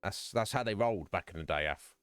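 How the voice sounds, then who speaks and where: A man's voice: low-pitched, fast, fairly bright tone, smooth, no echo, soft background music. A man hosting a live stream, chatting casually and jokingly with viewers by name. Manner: rambling, joking, talks to chat by name. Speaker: streamer host.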